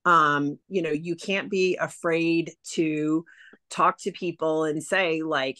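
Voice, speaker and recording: A woman's voice: low-pitched, fairly even intonation, slow, sharp tone. A woman talking casually as a direct sales consultant, giving sales advice in a chatty way full of "like" and "um". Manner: chatty, heavy use of "like" and "um".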